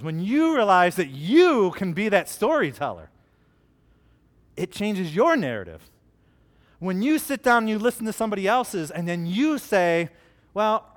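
Preacher, male, 30s, high voice, earnest and direct, conversational sermon.

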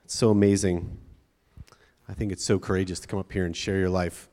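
A pastor preaching to students in a chatty way, often checking in with the crowd by asking "right?". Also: male voice, low-pitched, level tone, brisk, warm tone, big-room sound. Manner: conversational, frequent tag questions. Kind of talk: sermon to students.

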